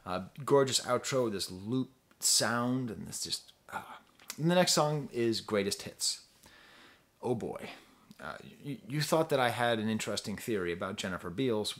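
Man, casual album review, rambling, self-interrupting, mid-pitched voice. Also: fairly bright tone. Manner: rambling, self-interrupting, sings snippets in falsetto. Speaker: music reviewer.

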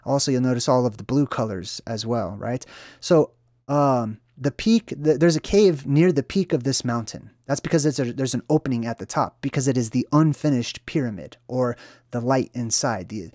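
Mid-pitched man in a dry recording. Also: dark tone, no room sound. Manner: conversational, frequent "right?" and "um" fillers; talks straight to viewers. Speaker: video host. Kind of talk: solo symbolism explainer monologue. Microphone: own mic after a sound check.

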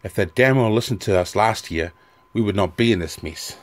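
A man's voice: on the low side, normal speed, lightly acted. A man voicing a bitter, resentful Legion officer who sneers at nobles and kings.

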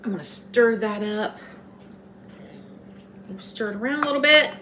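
A woman's voice: on the high side, unhurried, background noise. A middle-aged woman, hosting a casual home cooking demonstration in a chatty, folksy, teasing way. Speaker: home cooking channel host. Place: home kitchen.

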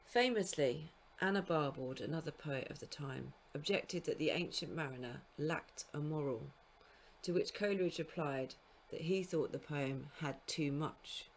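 A woman giving a recorded literature lecture to school students, explaining in a measured way and now and then correcting herself mid-phrase. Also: deep voice, a little hiss or hum. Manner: speaks scansion aloud in sing-song beats. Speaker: university lecturer.

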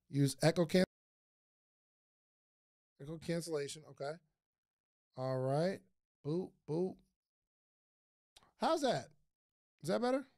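A man hosting a casual livestream about podcasting, excitable and chatty, often repeating his phrases to the viewers. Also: a little high. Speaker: podcast host giving advice.

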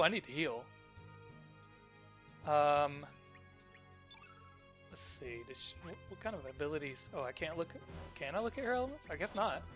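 Joking, chatty let's-play man. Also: fairly high pitch. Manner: joking, chatty, reads game text aloud. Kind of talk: casual gameplay commentary.

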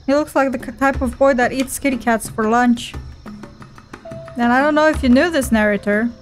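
A woman's voice: high-pitched, normal speed, faint music behind. A woman giving casual let's-play commentary, swearing and venting in an exasperated, mock-dramatic way. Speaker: gameplay streamer.

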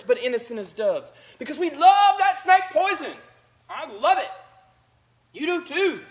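A man's voice: very high-pitched, low-quality recording. A man preaching a conversational sermon as pastor, acting out the voices of the people he describes. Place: church sanctuary.

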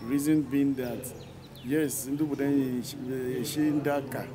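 A man speaks at an unhurried pace, mixing two languages as he explains a training program. His pitch sits in the middle of the range. Crowd chatter runs clearly behind him throughout. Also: steady tone. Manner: unhurried, mixing Igbo and English. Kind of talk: community speech.

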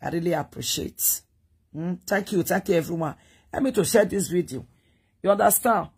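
A Nigerian woman with a husky, breathy voice runs a casual live-stream monologue. She rambles and pleads, talking straight to her viewers. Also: fairly low pitch, moderate pace, a little mellow. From Edo State, Nigeria.

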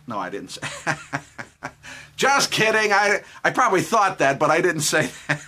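A man's voice: fairly high pitch, sing-song, moderate pace, sharp tone. A man speaking live, giving a chatty devotional talk with jokes and chuckles as he tells a story from his youth. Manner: jokey, chuckling, conversational.

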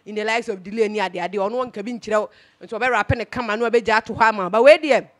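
A woman's voice: mid-range voice, fast talker. A Ghanaian woman hosting a casual gossip commentary, chatty and emphatic, switching between Twi and English. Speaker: host.

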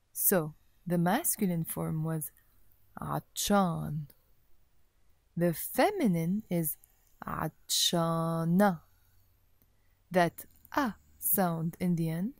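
A woman giving a recorded Arabic language lesson, speaking deliberately and repeating each word for the learner. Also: on the low side, a little mellow, no room sound. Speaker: Arabic teacher.

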